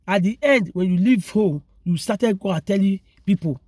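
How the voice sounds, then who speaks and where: A man's voice: high voice, moderate pace, hardly any pauses, dry recording. A man with a Nigerian English accent and Pidgin phrasing gives earnest, repetitive marriage advice outdoors on his way to work, calling listeners brother and sister. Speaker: relationship advice vlogger. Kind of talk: preachy marriage advice monologue. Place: outdoors near a road, on the way to work. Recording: loud traffic noise outdoors.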